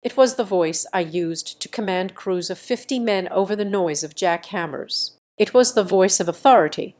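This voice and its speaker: A woman reading a first-person revenge story aloud in a measured, deliberate scripted narration. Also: mid-range voice, darkish tone, slight background noise.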